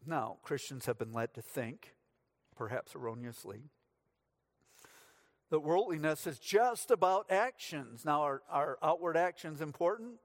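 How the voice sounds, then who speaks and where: A man's voice: a little high, expressive, unhurried. A middle-aged man from the United States, preaching a sermon as pastor, telling stories with dry humor.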